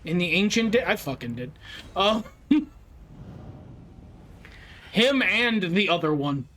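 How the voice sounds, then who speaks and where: While at the controls of a video game, a man chats casually, speaking bluntly and swearing often over game music. His voice is high-pitched and sing-song with a sharp tone, and he takes it slowly.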